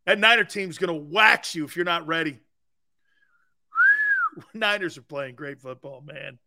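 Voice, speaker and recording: A man hosting a sports talk show in a high, bright, punchy voice. He talks brash and emphatic, tosses in "man" and "dude", and laughs at his own points. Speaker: sports radio host. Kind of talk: sports talk radio, reacting to callers.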